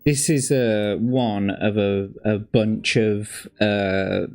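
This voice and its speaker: Birmingham man, light accent, low voice, rambling sweary streamer, faint music behind. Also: steady tone, drawn-out words, darkish tone. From Birmingham, England. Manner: rambling, sweary, full of fillers. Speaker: streamer reviewing old adverts. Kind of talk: casual commentary.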